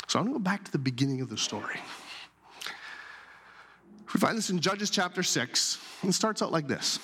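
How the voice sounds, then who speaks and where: A man's voice: a little high, fairly bright tone, slightly rough. A man preaching a sermon in a conversational, storytelling way, acting out the voices of the people in his story. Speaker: pastor. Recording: long hall reverb.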